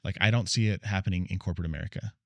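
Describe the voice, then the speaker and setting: A man with a very low, gravelly voice talks earnestly in a relaxed podcast chat. He tells stories and acts out quoted lines. The close mic sounds dry. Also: very fast, dry recording, lo-fi sound. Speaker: podcast guest, marriage researcher. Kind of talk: casual conversation.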